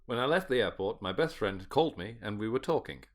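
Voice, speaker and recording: A man's voice: expressive, fairly quick. A British man co-hosting a podcast, reading a story aloud and laughing often. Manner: laughs often, swings into silly high put-on voices. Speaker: podcast co-host.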